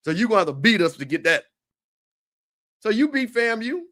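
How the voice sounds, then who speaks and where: A man hosting a casual livestream, trash-talking in an animated way with stammered restarts. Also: sits high, fairly quick. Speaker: show host.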